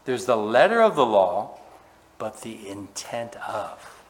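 A man preaching a sermon, asking his listeners questions and swinging between loud emphasis and quiet, low asides. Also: very animated, takes it slowly, slight background noise. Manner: asks the congregation questions. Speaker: pastor. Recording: long hall reverb.

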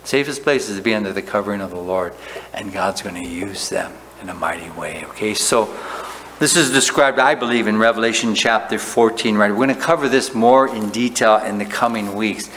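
A man's voice: lowish voice, a little fast, a bit bright. A man preaching a sermon as a pastor, teaching in a conversational way and often checking in with "right?". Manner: conversational preaching, frequent "right?" tag questions. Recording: long hall reverb, faint room noise.

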